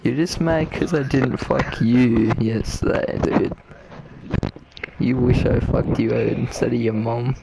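A man's voice: medium pitch, steady tone, takes it slowly, gravelly, noisy background. A man in online gaming voice chat, teasing and bantering with his friends. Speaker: gamer in voice chat.

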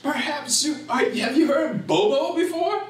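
An older man giving a lively, interactive lecture in a library room. He talks slowly and deliberately, laughs often, and quizzes his audience. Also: extremely high pitch, a crowd in the background. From Gullah Geechee community, South Carolina. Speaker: speaker. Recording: echoey room, from far off.

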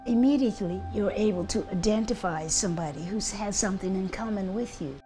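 A woman's voice: mid-range voice, fairly quick, soft background music. An older woman from Bermuda with a Bermudian accent, talking emphatically and telling stories in a documentary interview. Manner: emphatic, animated storytelling.

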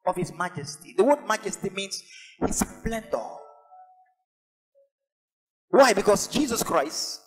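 A pastor preaching a sermon, building to emphatic, repeated lines. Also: male voice, high voice, sing-song, slow, pauses often, fairly bright tone, low-quality recording. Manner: preaches with rising intensity and emphatic repetition.

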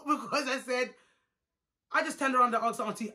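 A young woman telling a storytime vlog, animated and profane, swinging between loud and hushed. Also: on the high side, a little fast, slight background noise. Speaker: vlogger.

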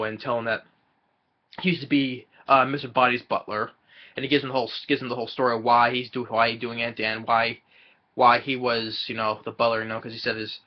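A man casually retelling a film's plot in a rambling, halting way, with many fillers and chuckles. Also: mid-range voice, muffled recording. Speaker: film reviewer.

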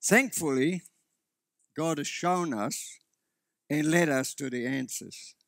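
Gravelly-voiced male pastor preaching. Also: a little high, slow pace, a bit bright, no echo, studio quality. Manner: earnest preaching with frequent restarts. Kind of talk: sermon. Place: church.

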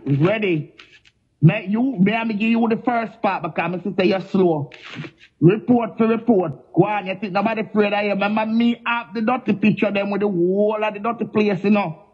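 Jamaican lady ranting mad on a live stream, taunting, keeps repeating the name, kinda muffled lo-fi sound. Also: fairly high pitch. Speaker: social media personality. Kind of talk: angry live-stream rant.

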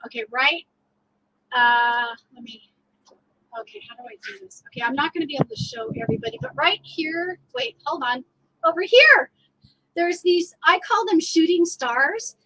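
A woman's voice: high voice, bright, forceful tone, a little hiss or hum, low-quality recording. A woman artist hosting a casual live stream outdoors, bubbly and laughing often. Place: outdoors, a little windy.

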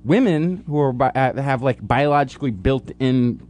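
A man's voice: mid-range voice, lively intonation, normal speed, darkish tone, soft background music. A man co-hosting a college radio science talk show, joking and reading with playful drama. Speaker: co-host.

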